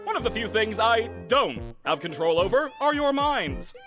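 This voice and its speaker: A man voicing a flamboyant male AI ringmaster in an animated series, talking like a theatrical showman. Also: sits high, moderate pace, music in the background. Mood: evasive. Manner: theatrical showman, bouncy and grandiose.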